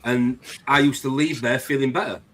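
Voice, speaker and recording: A man's voice: mid-range voice, fairly even intonation, normal speed, background noise. A man hosting a live-stream chat, talking in an earnest, rambling way. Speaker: host.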